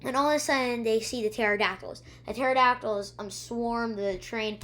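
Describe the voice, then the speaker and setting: A woman's voice: fairly high pitch, moderate pace, a bit bright. Rambling young woman recapping episodes. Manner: rambling, many ums, mimics sounds and quotes characters. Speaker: YouTube reviewer. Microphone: own camera.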